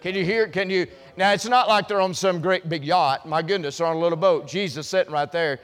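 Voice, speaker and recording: A man preaching a sermon with folksy humor, swinging from quiet asides to loud, shouted emphasis. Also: high-pitched, brisk, in a large hall.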